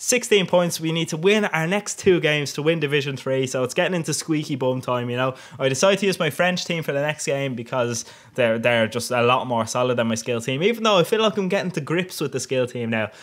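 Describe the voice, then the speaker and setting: A man's voice: medium pitch, a bit bright. A young man giving a cheeky, rambling voice-over commentary on his own football video game matches, laughing often. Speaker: gaming channel host.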